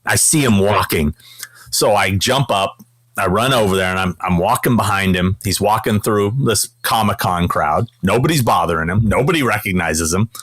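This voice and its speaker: A man as an interview guest, telling casual anecdotes in an animated way and swearing freely. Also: fairly low pitch, normal speed, no echo, low-quality recording. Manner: animated, profane anecdote-teller. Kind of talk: casual storytelling in conversation.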